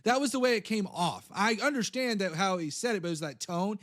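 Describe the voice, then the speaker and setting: A male talk show host who rattles through his points at a fast clip, his voice sitting a little high. He keeps it loose and jokey, slipping into little acted-out quotes as he chats about politics. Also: lively intonation, fairly bright tone. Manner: loose, joking, acts out quotes. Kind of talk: casual political discussion.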